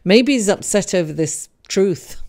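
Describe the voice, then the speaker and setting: A middle-aged woman giving a casual tarot reading, chatty and animated, laughing often and calling the listener darling. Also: medium pitch, measured pace.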